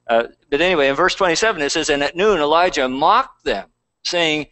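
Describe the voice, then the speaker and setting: A man's voice: fairly high pitch, a little fast, sharp tone, no room sound, poor audio. A man pastor preaching a conversational sermon, reading scripture aloud between plain asides.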